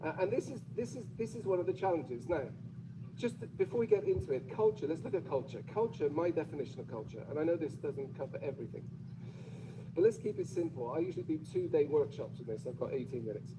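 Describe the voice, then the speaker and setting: A man's voice: on the high side, expressive, quick pace, noisy background. A man with a British accent giving a playful, chatty talk to an audience, often asking them questions. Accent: British English. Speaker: conference speaker.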